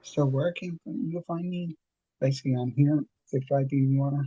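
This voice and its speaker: Laid-back male streamer with a very dark, husky voice on a dull, lo-fi mic. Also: mid-range voice, steady tone, normal speed, no room sound. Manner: laid-back, plugs his channels. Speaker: livestream host. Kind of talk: casual livestream chat.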